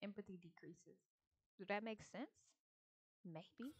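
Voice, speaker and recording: A woman's voice: mid-range voice, takes it slowly, slightly rough, dry recording. A woman giving casual, profane, joking commentary while playing a life-sim game, mostly talking to herself, recorded on a new microphone while wearing headphones. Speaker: gamer streamer.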